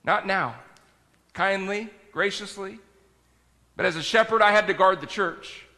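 A man preaching a sermon as pastor, talking in a conversational way that swings between loud and quiet. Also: high-pitched, moderate pace, long reverb tail.

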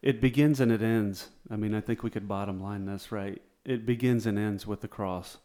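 A man's voice: lowish voice, steady tone, normal speed, mellow. A man co-hosting a casual Christian talk show, giving direct, affirming remarks. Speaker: co-host. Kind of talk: casual Bible discussion.

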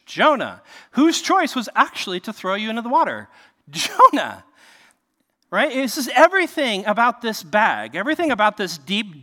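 A man's voice: sits high, bright, forceful tone, long reverb tail. A man preaching a sermon from a cramped enclosed space, conversational and full of rhetorical questions. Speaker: pastor.

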